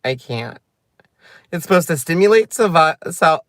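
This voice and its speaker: A man hosting a crafting channel, chatting excitably and breaking into giggles while opening gifts in his car. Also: on the high side, unhurried. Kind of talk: casual unboxing vlog. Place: inside a parked car.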